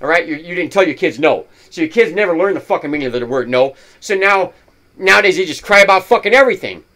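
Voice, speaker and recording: A man with a fairly high voice rants furiously into the camera. He swears constantly and jabs at his audience in a hectoring tone. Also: lively intonation, quick pace, pushed and bright. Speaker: vlogger. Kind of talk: angry political rant to camera.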